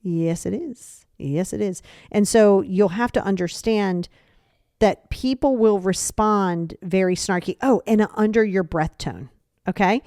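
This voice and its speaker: Animated, sarcastic woman podcast host. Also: mid-range voice, a little slow, no room sound, studio quality. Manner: animated, sarcastic, acts out quoted voices. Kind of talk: casual advice talk.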